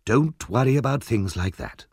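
A man reading the part of a kind, motherly old housekeeper woman who speaks in a gentle, soothing way. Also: mid-range voice, expressive, moderate pace, breathy edge, no room sound, clean studio sound. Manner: soothing, kindly.

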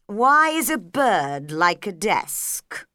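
Woman putting on a strange blunt man, lowered voice, slow and deliberate, storybook hatter, dry sound. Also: big pitch swings, bright, forceful tone, no room sound, exaggerated voice. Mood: odd. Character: odd, blunt male Hatter.

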